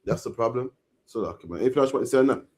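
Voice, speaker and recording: A man's voice: medium pitch, racing, a little mellow, slight background noise. A man leading a casual discussion, talking emphatically in long rants that end lines with "man.". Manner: emphatic, ranting, repeats "man" at line ends.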